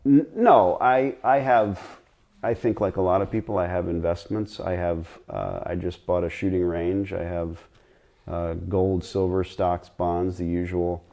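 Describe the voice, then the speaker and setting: A man's voice: low-pitched, unhurried, warm tone. A middle-aged man chatting bluntly and ramblingly as a guest on a live stream Q&A.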